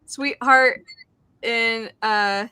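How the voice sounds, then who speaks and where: A woman's voice: on the high side, fairly even intonation, very slow, pushed and bright, smooth, no room sound, clean studio sound. A woman hosting a reading stream in casual chat, reading out chat messages and laughing often. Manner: chatty, reads chat aloud, laughs often.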